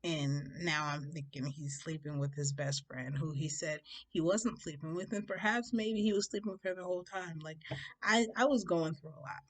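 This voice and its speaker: A young woman with a dramatic, animated manner, telling a story casually for her vlog. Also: low voice, normal speed.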